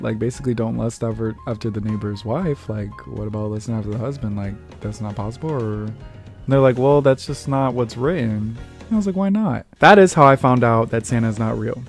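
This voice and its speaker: A young man hosting his own vlog, telling childhood stories in a casual, animated way, laughing often and acting out other people's lines. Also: mid-range voice. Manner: animated, laughs often, acts out quotes in raised voice. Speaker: vlog host. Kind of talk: casual storytelling monologue.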